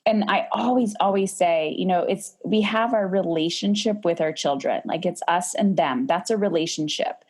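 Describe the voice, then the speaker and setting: A woman's voice: on the low side, darkish tone. A woman hosting an interview, summing up her guest's story and reflecting on parenting in a conversational way. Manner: reflective, summing up and steering the talk. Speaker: podcast host.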